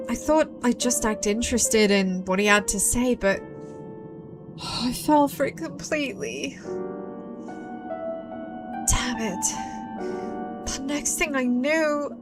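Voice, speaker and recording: A woman voicing a grieving young hairdresser who recalls her story in a soft, subdued way, reading game dialogue. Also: a little high.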